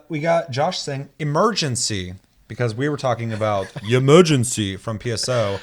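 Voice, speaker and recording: A young man with a medium-pitched voice hosts a casual gaming podcast. He reads listener comments aloud and tells stories, swearing plenty along the way.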